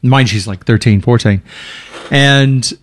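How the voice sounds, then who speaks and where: A middle-aged man telling stories in a casual chat, animated and laughing often. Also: medium pitch, slow pace. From outside Australia.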